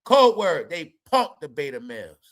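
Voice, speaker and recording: A man ranting through celebrity commentary in a forceful, bright, edgy voice pitched a little high. He is profane and emphatic, and he talks straight to his audience as the show's host. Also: sing-song, normal speed.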